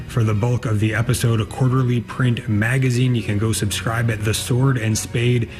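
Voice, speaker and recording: A man's voice: medium pitch, flat delivery, normal speed. Guy hosting a show, chill sign-off, some music playing behind him. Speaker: host. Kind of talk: show host wrap-up.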